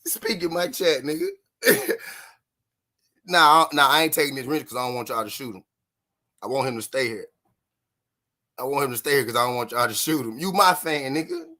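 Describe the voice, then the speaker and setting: A man's voice: medium pitch, lively intonation, brisk, long pauses, sharp tone. A man from Memphis, Tennessee, hosting a live stream and taunting his chat with mocking, repeated jabs and frequent laughter.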